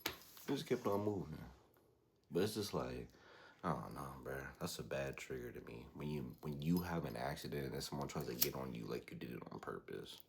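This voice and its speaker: A young man hosting a podcast, telling a story casually in slangy, animated talk and imitating the people he quotes. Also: extremely low pitch, fairly quick, gravelly, noisy background. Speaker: podcast host.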